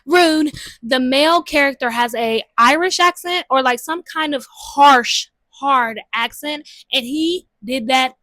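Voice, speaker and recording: Chatty young woman, slangy and lively. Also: sits high, takes it slowly, no room sound. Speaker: book vlogger. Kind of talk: casual book recommendations. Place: home room with a TV.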